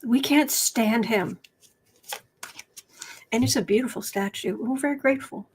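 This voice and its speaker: A woman's voice: on the high side, unhurried, noisy background. A woman doing casual livestream commentary as a tarot reader and political commentator, chatty and sardonic, reading viewer comments aloud.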